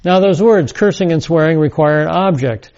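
A man's voice: a little high, moderate pace, darkish tone. A man teaching a scripture lesson, reading verses and adding casual asides. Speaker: Bible teacher. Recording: dull lo-fi recording.

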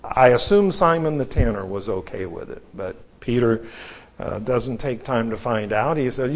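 A man's voice: mid-range voice, lively intonation. Dull-sounding man teaching verse by verse. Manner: measured, explanatory, with frequent asides. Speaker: Bible teacher. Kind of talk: expository Bible teaching. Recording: dull lo-fi recording.

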